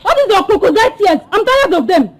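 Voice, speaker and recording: A woman's voice: extremely high pitch, sing-song, fast, faint music behind. An actress with a Nigerian accent playing an impatient young woman who scolds and demands money owed to her father. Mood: impatient demanding. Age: young adult. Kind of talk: Nollywood film acting. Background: film score.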